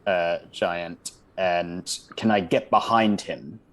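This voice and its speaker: Male player, low and unhurried, halting and thinking aloud. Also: fairly even intonation. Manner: hesitant, swearing, full of uhs. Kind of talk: casual tabletop play.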